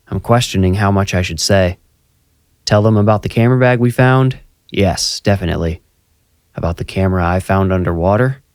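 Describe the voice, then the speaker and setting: Low-voiced man narrating a horror story. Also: darkish tone, no echo, clean studio sound. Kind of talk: scripted first-person horror narration.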